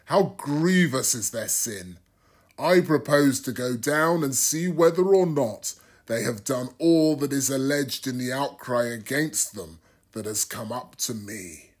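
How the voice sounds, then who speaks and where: A man voicing a male deity who speaks in firm, measured declarations. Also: mid-range voice, expressive, slightly rough. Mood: solemn.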